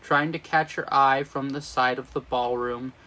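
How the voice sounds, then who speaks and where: A man's voice: mid-range voice, steady tone, normal speed, pushed and bright, natural voice, low-quality recording. A man reading the lines of a swooning young woman in love, speaking sung lyrics with slips and restarts. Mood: lovestruck.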